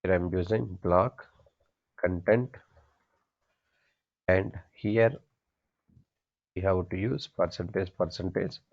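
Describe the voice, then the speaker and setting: A man with a very low voice teaches a coding class in plain classroom speech. He asks his students questions, answers them himself and says each key point twice. The recording sounds dull and lo-fi. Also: steady tone, slow, gravelly, pauses often, darkish tone. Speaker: programming instructor.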